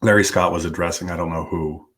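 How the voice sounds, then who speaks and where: Deep-voiced laid-back sports podcaster. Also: male voice, steady tone, quick pace, a bit bright. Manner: laid-back, laughs often, talks in restarts. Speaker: podcast co-host. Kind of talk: casual sports chat. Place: studio, live stream.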